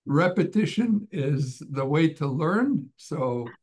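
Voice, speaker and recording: A man's voice: a little high, lively intonation, slow pace, darkish tone, breathy edge. An older man, a podcast guest and author, genially telling a humorous story in casual chat.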